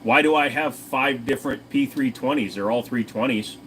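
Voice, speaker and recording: Brief: forties Tennessee man, crude joking stream host, mid pitch, faint AC hum. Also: moderate pace, a bit bright. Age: 40s. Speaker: livestream host. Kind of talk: casual livestream chat.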